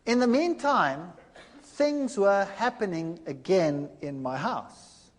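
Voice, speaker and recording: Animated man telling a story in a hall. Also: sits high, takes it slowly. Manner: animated storytelling, acting out dialogue. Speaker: speaker giving testimony. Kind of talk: personal testimony to an audience.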